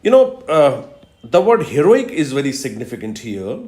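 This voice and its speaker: A man giving a recorded lecture on poetry, teaching slowly and emphatically with repetitions and fillers. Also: mid-range voice, sing-song, mellow. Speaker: English literature lecturer. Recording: echoey room.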